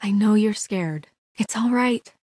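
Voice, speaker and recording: Snow White from a video game, a composed young woman, steady and kind but firm, as an actress voices her. Her middle-pitched voice sounds close and dry, with no room around it. She speaks with calm, gentle reassurance. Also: unhurried, no echo, close to an everyday voice. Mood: reassuring. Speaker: voice actor.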